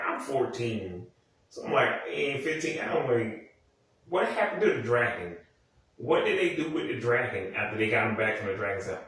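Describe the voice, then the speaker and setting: A man in his early thirties talks his way through an episode recap in loose, rambling bursts, swearing freely and looping back with "anywho." His voice is bright and forward, and it sits far from the mic in a very echoey room. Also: mid-range voice. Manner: rambling, meandering, profane, frequent "anywho" asides. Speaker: show recap host.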